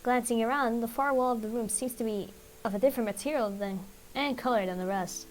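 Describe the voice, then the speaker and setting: Woman streamer, higher voice, reads game text aloud, muses and hesitates. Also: fairly quick, a little hiss or hum, poor audio. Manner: thinks aloud, hesitant, musing. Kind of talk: reading a text game aloud while playing.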